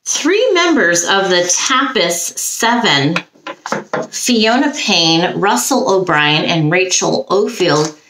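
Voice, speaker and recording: A woman's voice: fairly low pitch, sharp tone. A woman working as a psychic medium, reading case notes aloud and musing on them between frequent ums. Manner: halting, frequent ums, reads then muses aloud. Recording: roomy echo.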